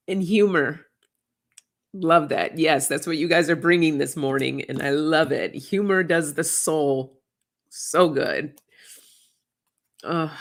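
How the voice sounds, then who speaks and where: An oracle card reader hosting a casual livestream, chatting warmly with viewers, reading out their comments and getting emotional. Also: mid-range voice, gravelly. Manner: effusive, reads viewer comments aloud, gets emotional.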